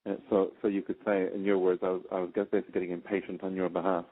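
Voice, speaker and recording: A man in a coaching class who asks questions haltingly, with many restarts. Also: low-pitched, flat delivery. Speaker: coaching student. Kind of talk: asking questions in a class call. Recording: tinny phone line.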